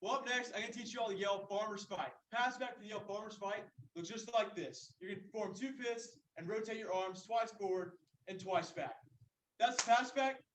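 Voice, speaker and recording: A young man from Texas, a yell leader giving brisk instructions. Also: high voice. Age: young adult. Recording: echoey room from far off.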